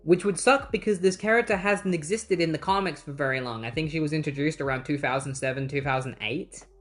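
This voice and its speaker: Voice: medium pitch, brisk, soft background music. A comic book reviewer casually recapping issues, mixing plot summary with chatty personal asides. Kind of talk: casual retrospective narration.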